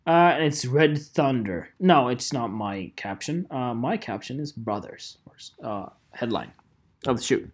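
Casual vlogger ranting, swears freely, drawn-out delivery with big pitch swings. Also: breathy edge. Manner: animated, profane, repeats phrases, laughs often. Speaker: photographer vlogger.

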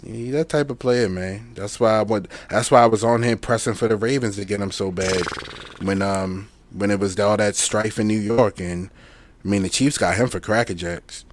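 A man co-hosting a casual sports podcast, chiming in quickly and agreeing with the others. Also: fairly low pitch. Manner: quick agreeing interjections, laughs easily. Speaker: podcast co-host.

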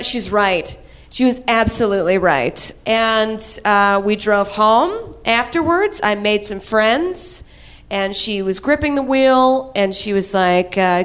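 Animated, crude woman telling a stand-up story. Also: on the high side, unhurried. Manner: animated, crude and self-mocking, laughing at her own story. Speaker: comedian.

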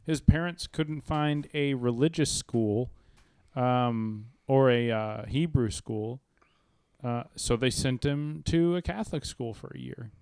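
Man telling a halting anecdote. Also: mid-range voice, a little mellow, clean tone, dry recording. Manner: halting, stammering starts. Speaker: podcast co-host.

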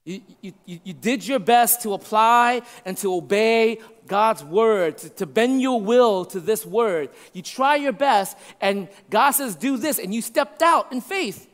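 A man preaching a sermon to a congregation, conversational and checking in with his listeners, dropping to a hush for emphasis. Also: high voice, measured pace, hardly any pauses. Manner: shifts from loud to hushed for emphasis. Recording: long hall reverb.

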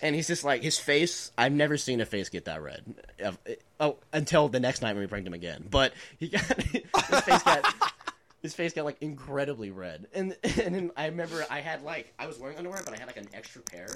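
A man's voice: medium pitch, sing-song, brisk, fairly bright tone, slight background noise. A man in his twenties telling prank stories in a casual chat, rambling with lots of filler words and laughing as he goes.

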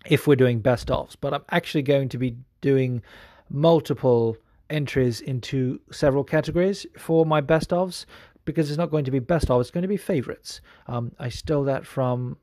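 A man's voice: medium pitch, a little mellow, no room sound, studio quality. A man hosting a podcast in casual chat, rambling with many fillers and swearing freely. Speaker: podcast host.

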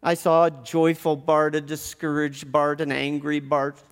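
A man telling a personal story in an animated way, often restarting with quick repeated words. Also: a little high, clean tone, in a large hall.

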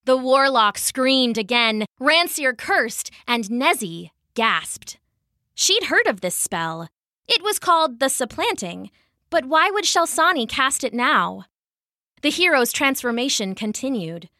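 A woman narrating a children's fantasy story in an expressive, measured way. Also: sits high, no room sound, clean studio sound.

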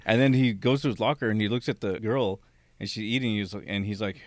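A man's voice: fairly low pitch, fast, dry recording. A man in casual chat, telling a profane story from work with lots of quoted dialogue.

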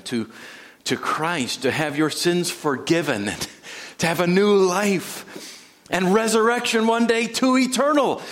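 A man preaching a sermon in a church sanctuary, dramatic, with sudden drops to a hush and rising emphasis. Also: fairly high pitch. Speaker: pastor.

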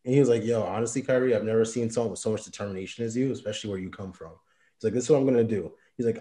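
A young man tells his story in loose, slangy talk, dropping into quoted back-and-forth. His voice sits low and mellow, with no edge to it. The room around him rings with a clear echo. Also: rapid-fire. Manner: slangy, animated, quotes others in his own voice. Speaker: entrepreneur telling his story. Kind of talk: casual storytelling.

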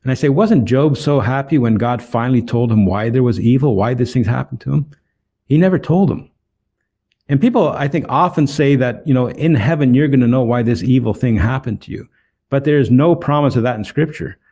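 A street evangelist earnestly tells Bible stories and his personal testimony, acting out the dialogue with emphasis as he goes. His voice is medium-pitched and dark in tone, at a fairly quick pace.

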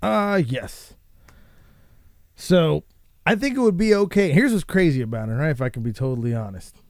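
A man's voice: fairly high pitch, moderate pace, no echo. Ranting man with a dry close voice. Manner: animated, swearing, rambling with restarts. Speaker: podcast host. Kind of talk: ranting casual commentary.

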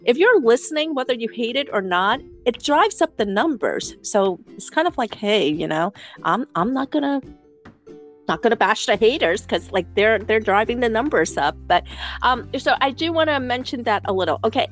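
Podcast co-host: a blunt New woman with a higher-pitched voice, cursing freely and stumbling over her restarts, with faint music underneath. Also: moderate pace. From New York City. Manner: blunt, animated, swears freely, many fillers and restarts. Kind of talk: casual chat.

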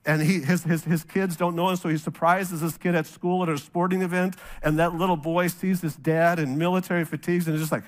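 High-voiced pastor telling a lively story. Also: male voice, fairly quick, hardly any pauses. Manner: storytelling, animated, acts out quoted voices. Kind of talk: sermon.

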